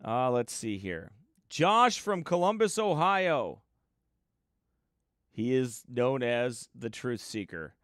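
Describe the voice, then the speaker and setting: A man's voice: on the high side, animated, measured pace, fairly bright tone, no room sound, clean studio sound. A man, a pastor from the United States, chatting casually and joking with livestream viewers before his sermon. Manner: chatty, joking, reads viewer names aloud.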